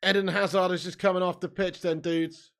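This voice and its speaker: A man hosts a live football watch-along from a room at home. He chats casually and reads out viewer comments between bits of match commentary. His voice is fairly high, with a gravelly rasp. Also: little pitch movement, a little fast. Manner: chatty, reads out chat comments.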